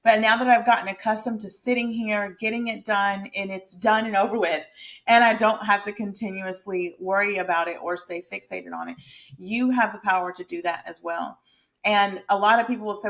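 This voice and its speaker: Speaking directly to camera, a woman who's both a hairstylist and a lifestyle and mindset creator chats with her viewers in an emphatic, motivational, casual way. Her medium-pitched voice is fairly bright, fairly even in intonation, and a little fast.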